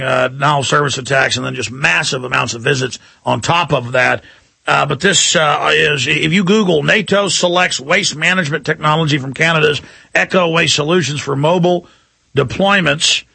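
Combative male talk-radio host, husky and dry, urgent rant. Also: a little high, bright, forceful tone, no room sound.

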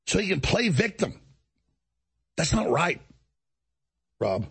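A man's voice: high voice, big pitch swings, unhurried, vocal fry, pauses often, a bit bright, breathy edge. A man hosting a talk show, delivering an indignant monologue and acting out other people's lines as he tells the story. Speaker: show host.

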